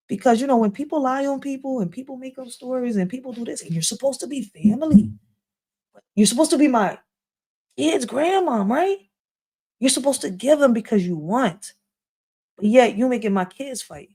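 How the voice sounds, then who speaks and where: A woman's voice: sits high, lively intonation, a little fast, mellow, breathy edge. A woman hosting a casual live story time, talking bluntly to her viewers in streetwise slang and swearing freely. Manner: blunt, profane, streetwise talk with repeated "yo" and "like". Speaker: livestream host.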